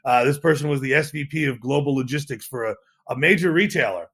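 Speaking fast with a medium pitch and a slightly rough edge, this male startup co-founder acts out quotes as he tells a lively story in a podcast interview. He restarts frequently.

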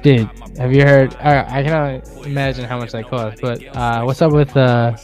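A man's voice: medium pitch, steady tone, moderate pace, darkish tone, soft background music. A young man co-hosting a casual chat podcast, swearing freely and laughing through his jokes. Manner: laughing, profane, acts out silly voices. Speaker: podcast co-host.

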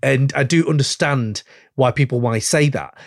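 A man's voice: medium pitch, normal speed, creaky, dry recording, studio quality. A man hosting a podcast, chatting in a rambling, enthusiastic way and swearing freely. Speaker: podcast host. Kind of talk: casual chat.

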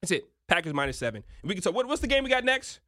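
A young man giving sports betting picks in an emphatic, excitable talk-show manner. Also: high-pitched, rapid-fire, no room sound, studio quality. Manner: emphatic, rising to excited near-shouts.

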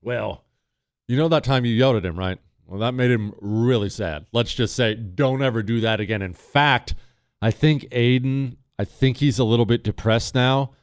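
A man's voice: medium pitch, moderate pace, voice pushed down, lightly acted. A man doing a slick, condescending counselor. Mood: smug. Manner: condescending, slick salesman patter. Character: smug, manipulative school counselor.

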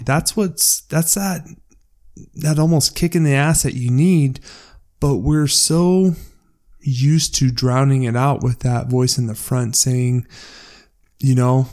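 A man's voice: medium pitch, slow, darkish tone. A man co-hosting a podcast who talks loosely, jokes around and swears casually. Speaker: podcast co-host.

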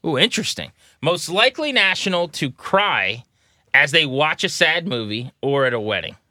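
A man's voice: fairly high pitch, big pitch swings, normal speed, pushed and bright, no room sound, studio quality. A man in his thirties co-hosting a sports podcast in a casual, joking way. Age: 30s. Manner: joking, playful. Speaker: podcast co-host.

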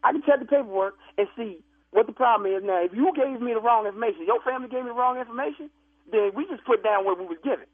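A man's voice: very high voice, fast. A man working at a funeral home, arguing defensively on the phone and stammering as he pushes back. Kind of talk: heated phone argument. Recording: tinny phone line.

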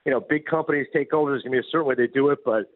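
A Canadian-born man, a guest sports broadcaster, telling stories in an animated, quick way on a casual sports radio show. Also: mid-range voice, no room sound. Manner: animated storyteller, quick, laughs often. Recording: tinny phone-line remote audio.

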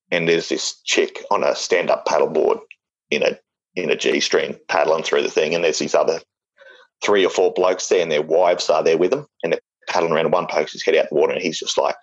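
A middle-aged Australian man with a very low voice spins a rambling, jokey yarn, stumbling through fillers and restarts. The recording sounds dull and lo-fi. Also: fairly even intonation, moderate pace. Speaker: interviewee. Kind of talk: casual storytelling.

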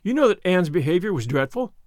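A stern spinster from a storybook, as voiced by a man, scolding in crisp, reproving tones. The voice sits fairly high and lively, close to the mic in a dry room. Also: a little fast, dry recording. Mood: indignant. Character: stern, dry middle-aged spinster woman.

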